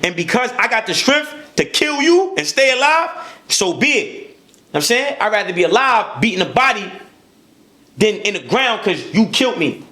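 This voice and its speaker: A man with a high voice and tells a heated story in a podcast conversation. He talks in an animated, profane way, stacking repeated words when he gets worked up. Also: normal speed. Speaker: podcast guest.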